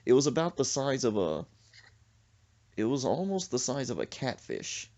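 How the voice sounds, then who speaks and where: A man's voice: mid-range voice, big pitch swings, moderate pace, a little mellow. A man telling a comic story on a podcast, exaggerating and making sound effects as he goes. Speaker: comedic storyteller. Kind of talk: animated comedic storytelling.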